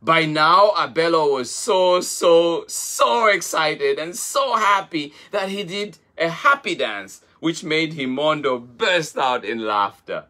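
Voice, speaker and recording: A man reading a children's picture book aloud as a storyteller, in a slow and expressive manner. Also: on the high side.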